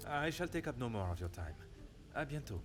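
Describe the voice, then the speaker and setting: A man voices a courteous, formal detective with a French accent and a clipped, measured delivery. Light music sits under the voice in the game audio. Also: mid-range voice, very animated, close to an everyday voice. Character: a polite Belgian male detective.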